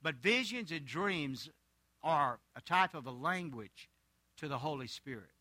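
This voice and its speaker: A man's voice: fairly high pitch, animated, a little slow, sharp tone, no echo. An older man preaching, a pastor telling a homespun story in a sermon, with chuckling asides.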